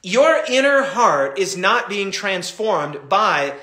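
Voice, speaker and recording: A middle-aged male pastor teaches scripture with animated passion. His voice sits high and bright, and the room around him adds a roomy echo. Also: slow pace. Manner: animated, impassioned storytelling. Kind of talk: Bible study teaching.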